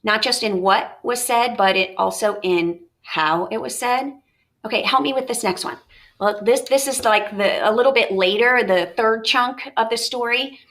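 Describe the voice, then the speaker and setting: A woman teacher walks through a recorded lesson, explaining each step and thinking aloud with questions. Her voice is bright and clear. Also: on the high side, normal speed.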